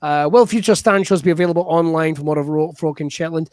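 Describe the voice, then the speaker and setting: A man hosting an improv comedy show over a video call, energetic and laughing through quick banter. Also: fairly high pitch, dry recording, clean studio sound. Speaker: host.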